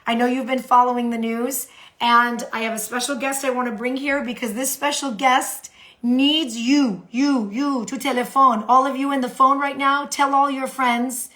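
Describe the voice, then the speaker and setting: A woman from the United States hosting a live social media stream, animated and repeating phrases for emphasis. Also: high voice, moderate pace.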